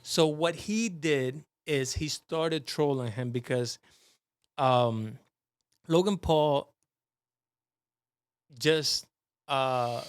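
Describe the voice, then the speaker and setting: A man's voice: a little high, clean tone. A man co-hosting a comedy podcast in casual chat, playful and slangy, laughing often into a desktop mic. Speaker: podcast co-host.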